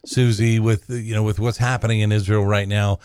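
A man's voice: fairly low pitch, flat delivery, a little fast, a little mellow, clear, resonant tone, no room sound. A man hosting a live radio show from a studio, talking loosely with lots of uhs. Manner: loose, filler-heavy talk with many uhs. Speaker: radio host.

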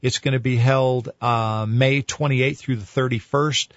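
A man's voice: medium pitch, steady tone, unhurried, no echo, lo-fi sound. Man hosting a talk radio show. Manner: brief affirmations, then a plain promo read. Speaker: radio host.

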